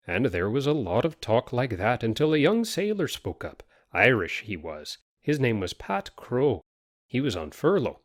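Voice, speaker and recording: A man's voice: mid-range voice, very animated, moderate pace, no room sound, studio quality. A man narrating a story aloud in a folksy, rustic dialect. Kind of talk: storytelling reading.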